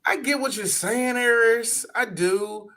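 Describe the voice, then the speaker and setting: A man's voice: very high-pitched, slow pace, a loud crowd. A man co-hosting a podcast in casual, profane banter, with a lot of laughter. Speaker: podcast co-host. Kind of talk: casual chat.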